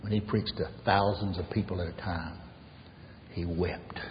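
A man preaching an earnest sermon as pastor, swinging from raised emphasis to soft near-whispers. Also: deep voice, fairly even intonation, measured pace, in a large hall, muffled recording, a little hiss or hum.

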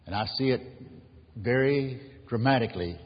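Husky-voiced preacher in an echoing hall. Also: male voice, medium pitch, moderate pace. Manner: earnest preaching, rising emphasis on key words. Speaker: pastor. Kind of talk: sermon. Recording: dull lo-fi sound in a reverberant hall.

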